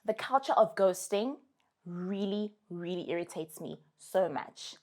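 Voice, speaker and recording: A woman's voice: lowish voice, measured pace. A young adult woman with a South African accent, giving casual, emphatic advice to her followers. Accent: South African English. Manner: animated, emphatic, sassy.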